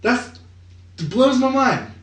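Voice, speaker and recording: A man co-hosting a podcast, chatting casually about movie news, animated and profane, with lots of filler words. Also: extremely high pitch, slow. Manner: swearing, animated, many "like" fillers. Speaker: podcast co-host. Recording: echoey room.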